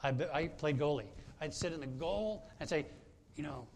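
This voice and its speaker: A man's voice: on the high side, expressive, moderate pace, a little hiss or hum. A man preaching a sermon as pastor, telling a personal story in a conversational way with frequent hesitations and restarts.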